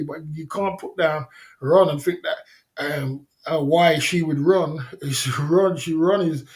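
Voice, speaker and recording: Brief: male livestream host, slightly high voice, loose slangy banter broken up by chuckles. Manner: laughing often, drawling slang-heavy chat. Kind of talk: casual livestream chat.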